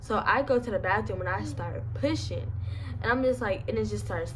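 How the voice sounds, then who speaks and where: A young woman vlogger, lisping a bit because of her braces, tells a casual storytime indoors at home. Her mid-range voice moves at a moderate pace over a noisy background, and her retelling is chatty, slangy, and animated.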